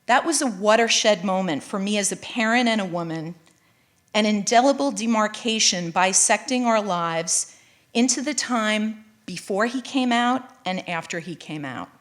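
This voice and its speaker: A middle-aged woman reading her own personal memoir aloud at a live event, in a measured, earnest storytelling voice. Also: mid-range voice, expressive. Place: college event space, live audience.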